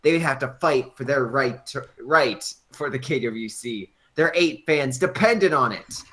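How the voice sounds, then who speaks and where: A man's voice: medium pitch, a little slow, a bit bright. A man narrating a fan script aloud with a casual, stumbling delivery and frequent restarts. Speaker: narrator and reader.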